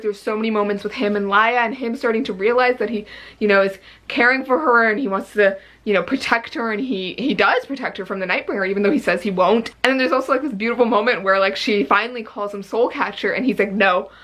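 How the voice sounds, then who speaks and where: A young woman giving an excited reading-update vlog, gushing and breathless, with lots of filler words. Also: fairly high pitch, low-quality recording. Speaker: book vlogger.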